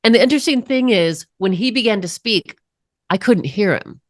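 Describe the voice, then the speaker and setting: A woman from Colorado, a podcast guest telling a personal story in an earnest, unhurried way with emphatic pauses. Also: medium pitch, lively intonation, no echo, clean studio sound. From Colorado, USA.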